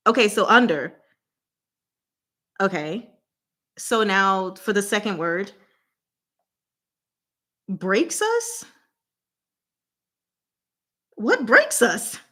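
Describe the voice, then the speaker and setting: A woman hosting a casual livestream word game. She gives clues in short, deliberate fragments and laughs often. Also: mid-range voice, sing-song, pushed and bright. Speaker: channel host running a livestream game.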